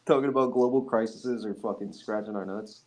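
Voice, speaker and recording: A man's voice: on the low side, unhurried, a little mellow, low-quality recording. A man co-hosting a podcast, chatting casually and making dry, exasperated remarks. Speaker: podcast co-host. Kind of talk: casual chat.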